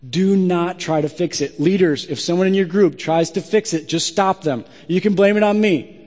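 A male pastor delivering a sermon in a large hall, his voice ringing out with a long reverb. He speaks in a slightly higher register, blunt and emphatic in his direct address. The tone is forceful and pointed. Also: normal speed.

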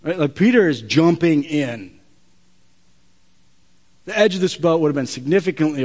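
A man's voice: fairly high pitch, lively intonation, moderate pace, long pauses, a little mellow, in a large hall. A man preaching a sermon as a pastor, conversational and emphatic, often restarting his words.

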